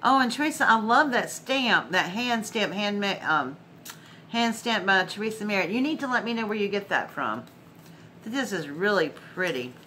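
A woman chats through a casual crafting vlog at home. She gushes and laughs often. Her voice is bright and a little tense, with faint background hum. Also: mid-range voice, expressive, moderate pace. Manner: effusive, gushing, laughs often. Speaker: crafting channel host.

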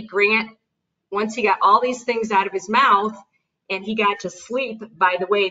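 Bright-voiced mother telling a story. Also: medium pitch. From United States. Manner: animated retelling with quoted dialogue and light laughs. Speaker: interview guest, mother. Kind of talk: conversational storytelling. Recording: distant, dull lo-fi recording.

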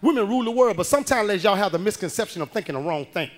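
A man performing a stand-up comedy routine on a club stage, telling a story loudly and acting out the people in it. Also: high-pitched, very fast. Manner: loud animated storytelling, acting out the people he quotes.

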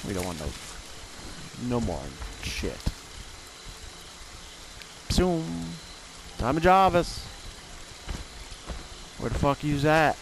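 A man's voice: medium pitch, very animated, slow pace, long pauses, slight background noise, rough recording. A man casually commenting on his gameplay, muttering profane trash talk at other players. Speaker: gamer playing online.

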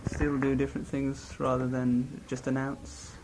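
A male interviewer of middle pitch asks his questions tentatively in a very flat, even tone. The recording carries a clear hiss and the odd click under his voice. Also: measured pace.

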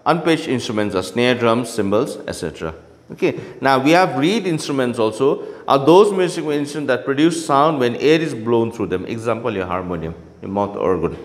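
A man's voice: medium pitch, lively intonation, a little fast, in a large hall. A male teacher explaining a lesson in an online class, often checking in with "okay" and "right?".

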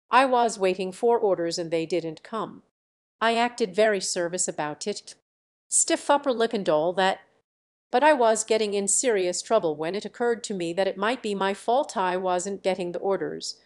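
A woman's voice: mid-range voice, normal speed, a little mellow, lightly acted. Woman reading as a mild, detached senior officer. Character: calm senior male space officer.

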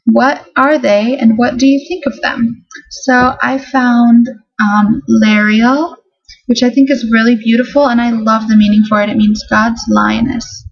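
Husky-voiced woman chatting to camera. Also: fairly high pitch, steady tone, measured pace. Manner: chatty, enthusiastic about baby names. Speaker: vlogger. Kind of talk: casual talk to camera. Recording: dull lo-fi home recording.

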